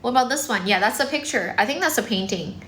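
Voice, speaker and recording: A woman English teacher hosting a casual livestream, chatting quickly with viewers and using lots of fillers. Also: on the high side, expressive, fairly bright tone, slight background noise. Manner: fast, chatty, many fillers, mixes in some Chinese. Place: indoors, in front of a decorated background. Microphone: phone.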